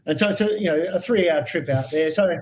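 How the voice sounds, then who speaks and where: An Australian man telling animated stories as a guest in a podcast interview, acting out the voices of people he quotes. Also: on the high side, fast, poor audio. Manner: animated anecdotal storyteller, acts out quoted voices. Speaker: guest herpetologist.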